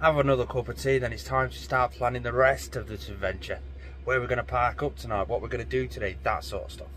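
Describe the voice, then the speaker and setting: A man's voice: medium pitch, fairly even intonation, fast, fairly bright tone. A man, chatting casually as a van-life vlogger outdoors and talking to cows. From United Kingdom. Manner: chatty, talks to cows and laughs. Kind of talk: casual vlog commentary. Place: outdoors by a van in wind and farm field. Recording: windy outdoor noise.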